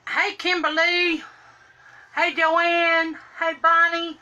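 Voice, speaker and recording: A woman's voice: very high-pitched, completely flat delivery, slow pace, bright, forceful tone, highs cut off. A woman, chatting on a live stream while doing her makeup and greeting viewers by name in a sing-song lilt. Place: home room, indoors.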